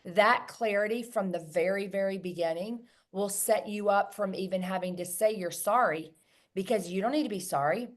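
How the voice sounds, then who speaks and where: A woman's voice: medium pitch, moderate pace. A woman hosting a coaching talk about feelings, speaking emphatically and often repeating key words. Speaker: host.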